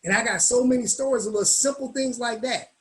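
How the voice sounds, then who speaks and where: A man speaking as a guest at a business meetup, telling stories in a lively, colloquial way and acting out the voices of the people in them. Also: very high voice, fast talker, poor audio. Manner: animated, colloquial, acts out quoted voices. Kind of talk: storytelling in a business meetup talk.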